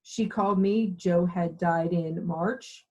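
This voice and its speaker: Middle-aged woman, low and husky, animated storyteller being interviewed. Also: takes it slowly, lo-fi sound. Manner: animated storyteller acting out dialogue. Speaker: occupational therapy program director.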